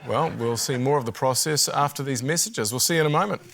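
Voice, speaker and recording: A middle-aged man with a New Zealand accent, hosting a TV game show with dry, mock-grand, deadpan comic links. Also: medium pitch, fast. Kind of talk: scripted comic links to the break. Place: TV studio with live audience. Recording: loud studio audience and room noise.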